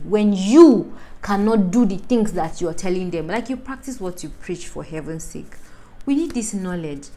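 A young woman from Northern Nigeria with a Northern Nigerian accent, talking in an animated, preachy vlog monologue full of rhetorical questions. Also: lowish voice, moderate pace, rough recording. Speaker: lifestyle vlogger.

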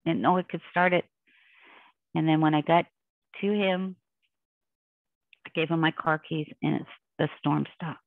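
A woman's voice: low voice, steady tone, moderate pace, pauses often, no room sound. A woman guest in an interview, telling a personal story in an intense, rambling, emotional way over a remote call. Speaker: podcast guest. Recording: dry, tinny phone-line sound.

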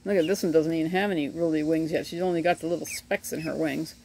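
A middle-aged homesteader vlogger with a deep, darkish voice talks fast and steadily as she films her ducklings on a handheld phone. She rambles casually and laughs often while standing outdoors in a yard by animal pens. Ducklings chirp over faint outdoor noise and birdsong.

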